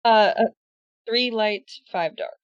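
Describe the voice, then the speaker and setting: A woman's voice: mid-range voice, takes it slowly, clear, resonant tone, no echo, dull audio. A woman playing a tabletop horror game, describing her character's moves casually with fillers. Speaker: player. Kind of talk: tabletop role-play, describing a character's actions.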